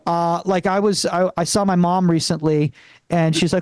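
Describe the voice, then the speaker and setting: A young man from Venezuela doing a live stand-up set in a comedy club. He talks in a halting way, full of fillers and restarts. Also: sits high, steady tone, a little mellow, clear, resonant tone, no echo.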